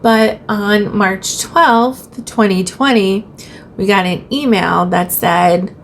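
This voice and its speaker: A woman's voice: medium pitch, slow, a little hiss or hum. A woman who teaches, telling a personal story casually on her vlog and retelling conversations in her own voice.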